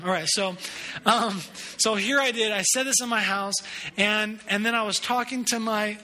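A man's voice: high voice, steady tone, moderate pace, bright, forceful tone. A man preaching a sermon as a pastor, earnest and conversational, repeating words as he builds emphasis and tossing in self-deprecating asides. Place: church sanctuary.

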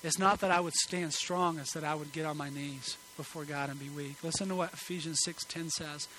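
Earnest, bright-voiced male preacher. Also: on the high side, fairly even intonation, fairly quick, slight background noise, low-quality recording. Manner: earnest, emphatic preaching that drops to soft pleading. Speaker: pastor. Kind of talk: sermon. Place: church sanctuary.

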